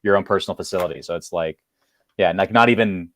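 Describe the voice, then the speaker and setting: Man, low pitch, casual rambling chat, fillers and restarts, dry sound. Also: fast, no room sound. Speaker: co-host.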